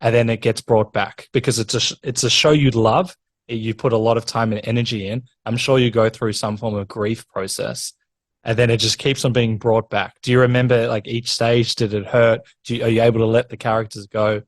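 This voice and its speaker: A man's voice: mid-range voice, steady tone, fairly quick, no echo. A man hosting a podcast interview, eager and rambling in his questions, often laughing. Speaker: podcast host. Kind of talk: interview chat.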